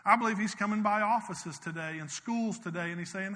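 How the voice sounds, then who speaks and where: A man preaching a sermon as pastor. He rises to loud, urgent swells and drops to quiet, intimate passages. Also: sits high, a little fast. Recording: long hall reverb.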